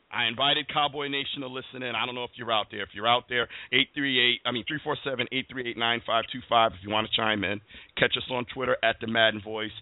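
Animated host on a tinny phone line. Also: male voice, medium pitch, no room sound. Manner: animated, swearing, trash-talking. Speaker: podcast host. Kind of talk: casual sports talk.

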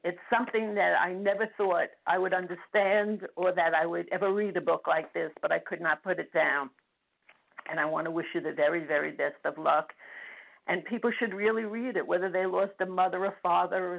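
An older woman calling in to a radio show, speaking in a halting, emotional way and close to tears. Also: on the low side, gravelly. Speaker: caller. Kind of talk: phone-in radio chat. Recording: tinny phone line.

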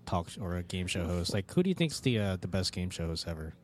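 A man's voice: deep voice, big pitch swings, fast, slight background noise. A young man co-hosting a casual podcast, talking animatedly with many fillers and casual swearing. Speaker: podcast co-host. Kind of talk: casual chat.

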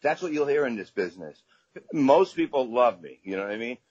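A man's voice: mid-range voice, sing-song, a little fast, darkish tone, husky, no echo. A middle-aged man from Staten Island, a guest comedian telling rambling, profane anecdotes in a casual podcast chat. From Staten Island, New York. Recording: dull lo-fi sound.

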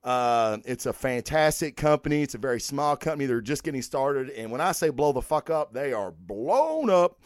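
A man's voice: mid-range voice, very animated, moderate pace, few pauses, no room sound, clean studio sound. A man hosting a podcast, talking casually and profanely through sponsor plugs and giveaway news in emphatic bursts. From United States. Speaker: podcast host.

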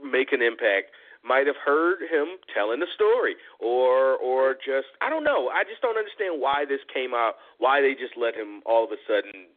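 A man co-hosting a wrestling talk show, chatting excitedly and rambling with many restarts. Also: mid-range voice, moderate pace. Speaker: podcast co-host. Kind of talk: casual wrestling chat. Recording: phone-line audio.

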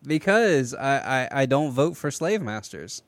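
A man hosting a casual political podcast, talking in an animated, rambling way with many restarts. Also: medium pitch, a little slow, no echo. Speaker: podcast host.

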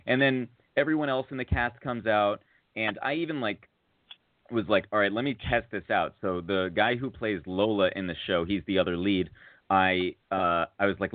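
A man on a podcast telling a long casual story, full of fillers and restarts, getting excited at the funny parts. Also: lowish voice, no room sound. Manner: rambling, filler-heavy, rises to excited laughter at funny moments. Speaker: podcast co-host. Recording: tinny phone-like audio.

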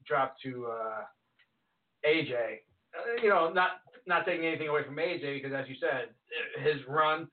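A man's voice: fairly high pitch, far from the mic. A man co-hosting a podcast, chatting casually and teasing his co-host in a laid-back way. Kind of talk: casual wrestling chat. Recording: tinny audio from off the mic.

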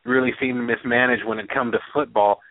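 A man talks through college football in an easy, unhurried way, doubling back on his words as he goes. His voice comes over a narrow, phone-like line with no room sound at all. He sounds like a guest on a call-in sports show. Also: mid-range voice, dry recording. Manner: relaxed, repeats words while thinking. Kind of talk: casual podcast chat.

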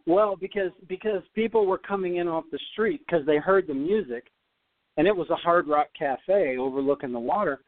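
A man, a former tennis player, telling a story as a podcast guest, animated and often repeating words as he goes. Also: a little high, normal speed, no room sound. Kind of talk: storytelling in an interview. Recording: dry, phone-like line.

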